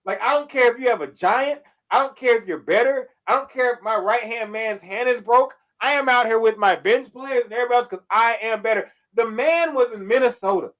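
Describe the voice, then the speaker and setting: A man co-hosting a casual sports podcast, animated, with loud outbursts and heavy swearing. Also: very high voice, a little fast, few pauses. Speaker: podcast co-host.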